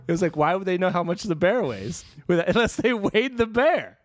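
Lively animated man telling a story. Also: high-pitched, normal speed, no echo. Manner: animated storytelling, swearing, laughs often. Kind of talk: casual chat.

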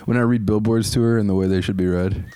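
A man chatting casually as a podcast co-host, animated and quick to slip into silly voices. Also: fairly low pitch, clear, resonant tone, no room sound. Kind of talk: casual chat.

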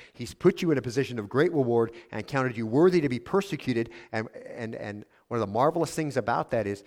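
A man preaching a sermon, earnestly asking his congregation questions and reading a letter aloud in a softer tone. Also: on the low side. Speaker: pastor.

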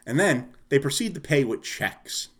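A man with an ordinary mid-range voice rants through an angry story. He swears a lot and stays animated as he chats with a friend. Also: mid-range voice, normal speed. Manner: profane, animated ranting. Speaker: storyteller in a casual chat. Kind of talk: casual chat.

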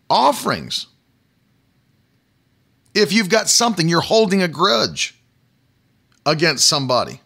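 Emphatic preacher man, bright voice. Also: on the high side, huge pitch swings, measured pace, vocal fry, pauses often, breathy edge. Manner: emphatic, repeats phrases, talks to online viewers. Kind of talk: livestreamed sermon.

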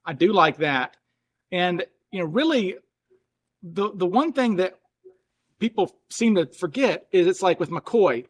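Higher-voiced southern guy hosting a podcast, easygoing chat. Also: lively intonation, measured pace. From American South. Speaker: podcast host. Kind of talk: casual podcast interview.

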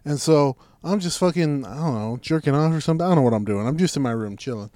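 A young man spins a rambling, swear-laden story for his podcast, his voice sitting a touch high. The sound is dry and close, with no room around it. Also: animated, fast, dark tone, dry recording. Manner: rambling storyteller, profane, full of fillers. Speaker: podcast co-host. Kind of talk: casual podcast chat.

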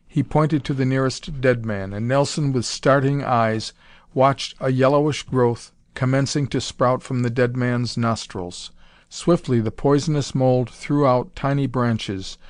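A man narrating a pulp adventure story in a measured, dramatic reading. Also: mid-range voice, no echo, clean studio sound. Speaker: audiobook narrator.

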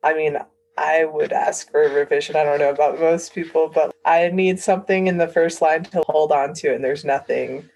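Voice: mid-range voice, steady tone, moderate pace, a little mellow, poor audio. A participant in a poetry discussion, hesitant, with many restarts and casual fillers.

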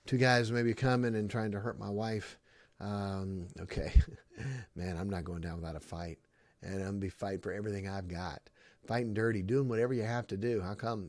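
Male pastor, low voice, emphatic sermon delivery with repeated lines and filler ums; dry, close recording. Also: normal speed, dry recording. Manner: emphatic, repeats key phrases, swings between loud and hushed; frequent ums and uhs between phrases.

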